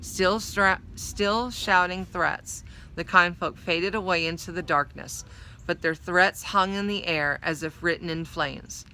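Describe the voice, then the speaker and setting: A woman reading a children's novel aloud, telling the story in a measured, expressive first-person voice. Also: lowish voice, slight background noise, poor audio. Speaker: storybook reader.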